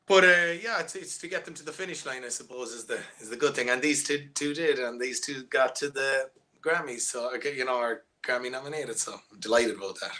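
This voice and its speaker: This is a man with an Irish accent, a musician guest chatting loosely in a casual video-call interview. His pitch is medium, his pace fairly quick, and his tone bright and forceful. He rambles, with plenty of restarts and filler words.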